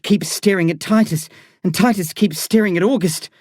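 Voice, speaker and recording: A woman reading a first-person story as an audiobook narrator, in a slow, tense, dramatic way. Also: on the low side, a little mellow, no room sound, studio quality.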